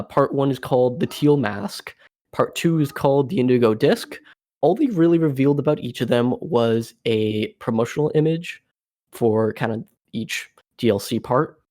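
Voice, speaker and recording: A man co-hosting a casual podcast, laying things out in a laid-back, matter-of-fact way. His voice is strongly gravelly with plenty of fry, and he sits at an ordinary pitch. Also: a little mellow. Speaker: podcast co-host. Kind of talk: casual chat.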